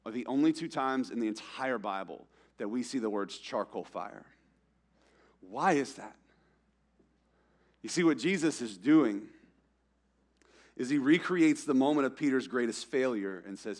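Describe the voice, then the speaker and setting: A young man preaching a sermon in a church, casual and conversational, acting out quotes with slang and swinging between loud emphatic lines and hushed ones. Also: mid-range voice, lively intonation, a little slow, pauses often. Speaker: pastor.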